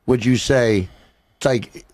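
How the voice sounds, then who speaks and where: A man's voice: medium pitch, slow pace, a little mellow, dry recording. A man from Louisiana hosting a podcast, chatting loosely and joking with plenty of swearing. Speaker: podcast host. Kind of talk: casual podcast chat.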